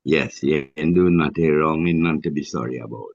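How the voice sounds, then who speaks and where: A man's voice: a bass voice, normal speed, creaky, dry recording. A man speaking as a council elder, offering a fervent devotional blessing over a video call. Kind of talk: warm spiritual affirmation. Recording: dull dry video-call audio.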